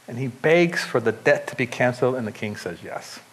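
A man preaching a sermon to a congregation, reading scripture and breaking into animated, joking asides with frequent restarts. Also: medium pitch, fairly quick. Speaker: pastor.

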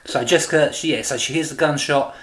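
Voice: mid-range voice, a little fast, fairly bright tone. An English co-host of a podcast, recapping a TV episode in casual chat with wry remarks.

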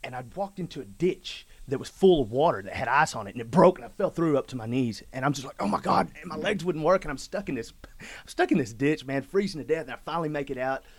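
A man telling a personal story in casual, rough-spoken talk, often saying "man" and "dude". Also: mid-range voice, animated, quick pace, dry recording. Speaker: guest telling his story.

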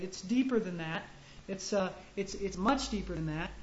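Man preaching in an echoey room. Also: high-pitched. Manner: conversational, halting with restarts, punchy emphasis. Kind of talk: sermon. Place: room with an audience. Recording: echoey, muffled room recording with faint ambience.

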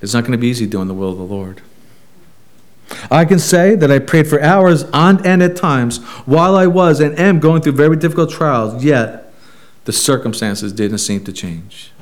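A man's voice: mid-range voice, expressive, moderate pace. A man preaching a sermon as a pastor, emphatic and full of rhetorical questions.

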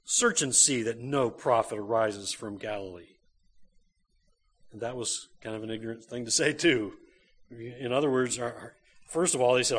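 Husky-voiced man preaching a sermon. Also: medium pitch, normal speed, fairly bright tone. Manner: conversational preaching with asides to the congregation. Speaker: pastor. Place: church.

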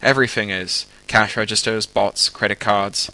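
A man's voice: lowish voice, steady tone, normal speed, no echo, rough recording. A man voicing a brash male mall security guard with an oceanic twang, reading a story aloud. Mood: defiant. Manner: loud, defiant, twangy.

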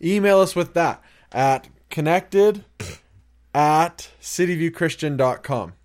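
Brief: man co-host, highish voice, chatty and upbeat banter. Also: slow. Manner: laughs often, plugs and announcements. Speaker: podcast co-host. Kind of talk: casual banter.

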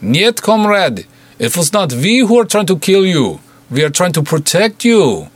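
A dour Russian heavy, voiced by a male narrator, speaking with a thick Russian accent and oily, mock-polite menace. The voice is pushed well above the narrator's own pitch, loud and husky, taunting from outside a door in an old-style audio serial. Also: big pitch swings, measured pace, dry recording, full character voice. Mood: menacing.

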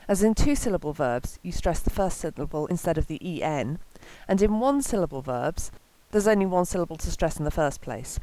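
A woman reading a scripted language lesson in a clear, measured way, slowing down to pronounce example words. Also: sits low, a little mellow, no room sound, rough recording. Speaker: language teacher.

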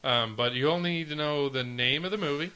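A young adult man co-hosting a podcast, teasing his partner with quick crude jokes and explaining a movie game. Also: fairly high pitch, pushed and bright, smooth. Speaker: podcast co-host. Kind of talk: casual banter.

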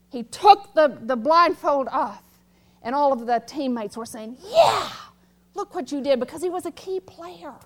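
A woman preaches a sermon from a church pulpit. Her voice is very high, and she delivers her message emphatically, often swelling into loud exhortation. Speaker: pastor. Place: church sanctuary.

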